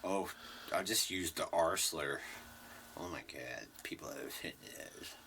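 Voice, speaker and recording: Man, podcast co-host, slow delivery, crude jokes, noisy background. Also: low voice, creaky. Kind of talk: casual chat.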